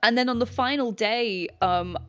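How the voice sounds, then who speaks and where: A woman's voice: a little high, normal speed, a bit bright. A woman voice actor chatting casually on a panel, giggly and rambling, swearing now and then.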